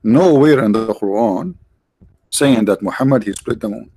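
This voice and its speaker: A man hosting a live stream with mocking, sarcastic commentary and rhetorical questions, his voice tired, clearing his throat now and then. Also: lowish voice, moderate pace, dark tone, slight background noise. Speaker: online show host.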